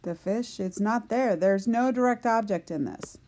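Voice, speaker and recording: A woman's voice: mid-range voice, measured pace, a little mellow. A woman teaching a recorded grammar lesson, patiently explaining and talking to herself as she writes on a board. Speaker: Spanish teacher.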